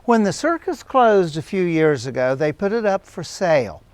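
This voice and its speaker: Folksy older tour guide with a Southeastern Ohio accent, lively high voice, dry sound. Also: male voice, moderate pace, dry recording. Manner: folksy, animated storyteller. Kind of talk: anecdotal storytelling on a tour.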